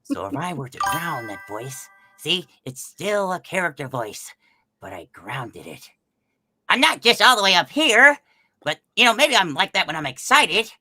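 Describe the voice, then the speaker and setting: Toothy, goofy beaver detective voiced by a man, bright and bouncy, swoops all over, pushed through the front teeth. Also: a little high, very animated, normal speed, no room sound, faint music behind, pitched above the performer's own voice, heavily acted. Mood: grounded. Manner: grounded, talking through the teeth. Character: goofy buck-toothed male beaver private eye. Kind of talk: voice acting demonstration.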